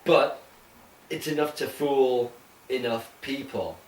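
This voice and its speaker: A man's voice: mid-range voice, slow. A man chatting on a podcast in a put-on Canadian accent, rambling and swearing casually. His voice sits in the middle range. It comes from a distance in a roomy space with faint ambience behind. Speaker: podcast co-host. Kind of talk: casual chat.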